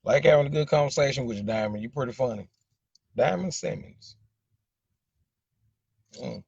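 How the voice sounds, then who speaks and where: A man's voice: mid-range voice, normal speed, gravelly, darkish tone, slightly rough, dry recording, lo-fi sound. A man with a Southern accent from Arkansas, rambling in a casual live chat with viewers and repeating "you know what I'm saying". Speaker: livestream host chatting with viewers.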